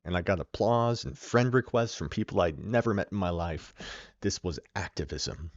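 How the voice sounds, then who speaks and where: A man's voice: low voice, no echo. A man hosting a podcast, delivering a sarcastic, opinionated political monologue with emphatic stresses. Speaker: podcast host. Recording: dull lo-fi dry recording.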